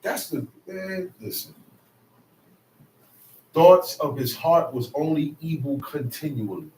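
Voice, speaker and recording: A man preaches in a fairly high voice that is casual and conversational. He now and then bursts into shouts for emphasis. The sound is roomy and a little distant from the mic. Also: big pitch swings, slow pace, gravelly, a little hiss or hum. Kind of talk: sermon.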